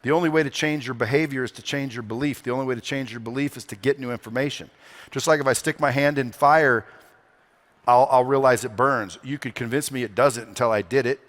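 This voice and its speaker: A man's voice: medium pitch, brisk, fairly bright tone. A man giving a motivational talk on stage at a conference, brash and profane, firing rhetorical questions at a live audience. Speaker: conference speaker.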